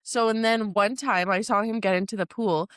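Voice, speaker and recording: Lively young Canadian woman chatting. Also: medium pitch, moderate pace, clear, resonant tone, dry recording, clean studio sound. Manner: animated storytelling, giggly. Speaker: podcast co-host. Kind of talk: casual chat.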